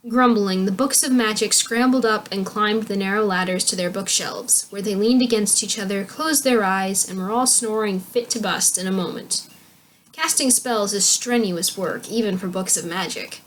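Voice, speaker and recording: A young woman reading a children's book aloud as a storyteller, with clear, expressive narration. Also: mid-range voice, moderate pace, a little hiss or hum.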